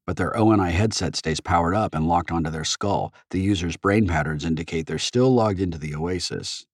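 A man's voice: sits low, a little fast, no room sound, studio quality. A man playing a shaky, anxious executive. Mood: grim. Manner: shaky, hesitant. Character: anxious, earnest male company executive.

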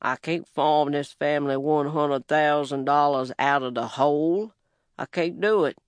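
A man's voice: fairly high pitch, fairly even intonation, unhurried, clear, resonant tone, dry recording, lightly acted. A man voicing a self-pitying white planter in his thirties, a heavy drinker, with a whining, sorry-for-himself way of talking. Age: 30s.

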